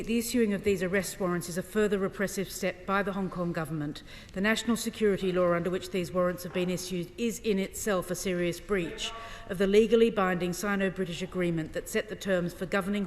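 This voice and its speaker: A woman's voice: lowish voice, brisk. A woman shadow minister giving a formal parliamentary speech, pressing pointed questions. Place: large debating chamber. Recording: reverberant parliamentary chamber.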